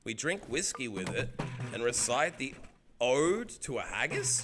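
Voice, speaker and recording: An Australian man streaming a game, chatting casually with viewers in an excitable, rambling way and swearing freely. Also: mid-range voice, a little slow, over music. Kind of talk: casual chat while gaming.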